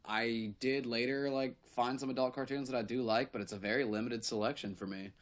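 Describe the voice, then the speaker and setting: A man's voice: mid-range voice, fairly even intonation, a little fast. A young man co-hosting a podcast in casual chat, laid-back with lots of "like" and fillers. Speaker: podcast co-host.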